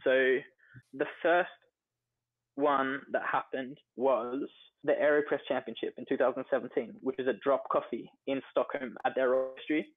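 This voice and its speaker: In a casual interview, a young Australian guest who is a coffee entrepreneur tells stories chattily, dropping plenty of "like" and "you know." His medium-pitched voice moves little in pitch and keeps a moderate pace. The audio is dry and phone-like, with no echo.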